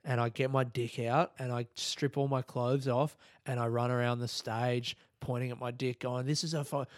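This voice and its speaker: A man's voice: mid-range voice, monotone, moderate pace, no room sound, clean studio sound. A man, a comedian, talking on his own podcast, rambling and swearing and laughing at his own jokes. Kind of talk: solo podcast monologue.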